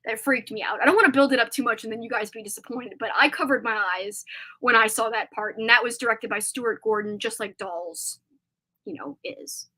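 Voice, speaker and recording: A woman's voice: fairly high pitch, a little fast, pushed and bright. A woman hosting a casual live stream, chatting in a rambling way with many filler words.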